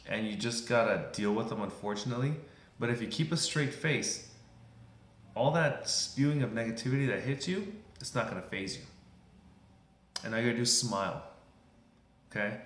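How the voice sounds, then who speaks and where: A man's voice: medium pitch, a bit bright. Earnest man giving a motivational talk. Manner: conversational, earnest, repeats "you know what". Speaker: motivational speaker. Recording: roomy echo.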